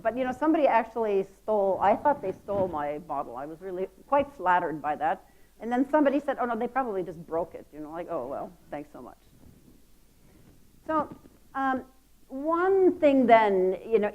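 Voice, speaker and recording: A woman's voice: medium pitch, darkish tone, rough recording. A woman giving a conference talk, telling a story with playful asides and laughter. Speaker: conference speaker. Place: conference hall.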